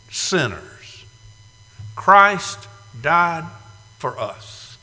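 A man in his sixties preaching a dramatic sermon, moving from hushed, slow passages to loud cries. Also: on the high side, expressive. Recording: reverberant hall.

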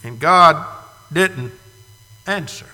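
High-voiced older preacher in a reverberant hall. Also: male voice, animated, very slow. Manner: dramatic, swings from hushed to loud cries. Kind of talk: sermon.

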